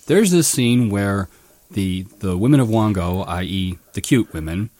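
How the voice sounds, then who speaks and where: A man co-hosting a movie podcast in loose, rambling chat. His voice sits a little low and sounds dry and close to the mic. He stumbles through restarts and filler words and gets lively when retelling scenes. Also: unhurried, no room sound. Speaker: podcast co-host. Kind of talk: casual movie review chat.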